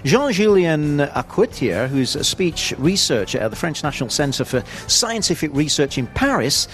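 A man's voice: fairly high pitch, sing-song, moderate pace, fairly bright tone, soft background music. A man co-hosting a radio show, explaining news stories in an easygoing way. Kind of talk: casual radio banter.

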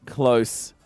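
Australian man, radio co-host, playful and joking, mid-pitched voice. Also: no echo. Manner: joking, playful, reads out facts. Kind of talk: casual radio banter.

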